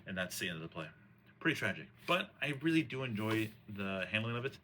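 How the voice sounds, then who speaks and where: In a casual storytelling chat, a host recounts an old tragic play, rambling with plenty of slang, fillers and restarts. His low-leaning voice swings widely in pitch, moves quickly, and sounds pushed and bright, with slight background noise.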